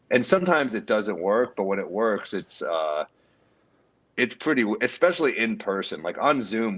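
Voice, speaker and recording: Storytelling man, low voice, podcast chat. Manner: storytelling, animated quoting. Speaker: comedian guest.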